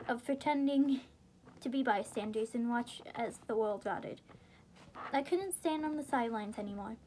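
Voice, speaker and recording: Girl with a pretty high voice reading a game novel out loud, chatty little asides, quiet room hum behind. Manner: breaks off into giggly, rambling comments, sometimes dropping to a whisper.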